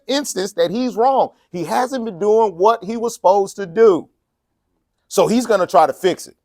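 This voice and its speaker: A man's voice: high-pitched, darkish tone, no room sound, studio quality. A man preaching a casual, joking sermon, laughing often and acting out the people in his story. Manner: folksy and joking, laughs often, acts out quotes. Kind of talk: conversational sermon.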